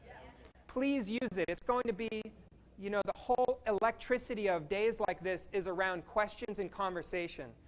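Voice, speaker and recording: A workshop facilitator from Kansas, leading a live group icebreaker in an energetic, playful way and speaking slowly for the room. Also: medium pitch.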